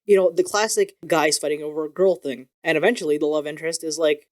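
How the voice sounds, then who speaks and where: A man chats through a manga review in a loose, excitable vlog style, dropping casual curses along the way. He talks quickly, the words tumbling out, and his voice sits a little above the usual male pitch. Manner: animated and excitable, swears casually. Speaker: video creator reviewing manga.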